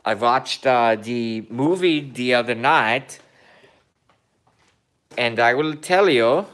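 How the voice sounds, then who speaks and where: A man putting on a mock Kazakh accent, playing a crude, bragging foreigner in slow, halting broken English. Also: medium pitch, a bit bright. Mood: goofy. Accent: put-on mock Kazakh accent. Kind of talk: comedic impression in a vlog.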